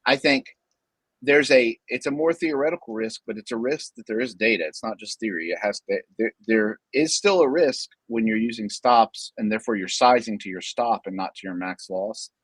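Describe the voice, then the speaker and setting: A man's voice: medium pitch, normal speed, slightly rough, dry recording. A man hosting a trading talk show in casual chat, joking and often restarting his sentences. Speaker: show host.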